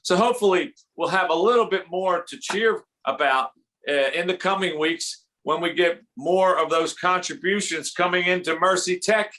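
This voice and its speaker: A male comedian with a Philadelphia accent and a bright, somewhat high voice runs a fundraiser comedy set. He rambles from joke to joke and slips into quick impressions as he goes.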